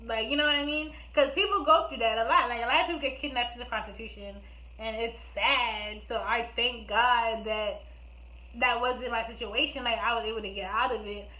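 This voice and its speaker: A young woman telling a storytime vlog, animated, laughing often and acting out what others said. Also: on the high side, fairly quick. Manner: animated, laughing, acts out quotes. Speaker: vlogger. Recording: echoey room, phone-like sound.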